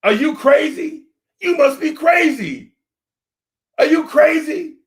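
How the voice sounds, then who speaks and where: A man hosting a sports fan talk stream into a desk microphone. He rants in an animated, repetitive way and keeps yelling the same rhetorical questions. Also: extremely high pitch, takes it slowly. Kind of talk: live-streamed fan rant.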